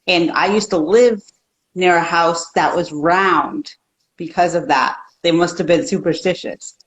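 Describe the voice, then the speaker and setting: A woman's voice: fairly low pitch, measured pace, low-quality recording. A woman guest in a casual chat, talking in a rambling way with many restarts.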